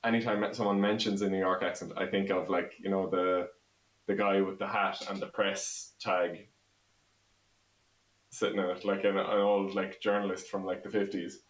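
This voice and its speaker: A man's voice: deep voice, little pitch movement, moderate pace, reverberant, low-quality recording. An Irish man co-hosting a casual live-stream chat, laughing often. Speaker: co-host.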